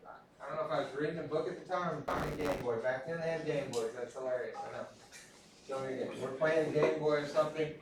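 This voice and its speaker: A man from Texas, lecturing a class in a casual, self-deprecating storytelling way. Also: on the high side. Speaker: instructor. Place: large echoey classroom. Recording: echoey classroom from far off.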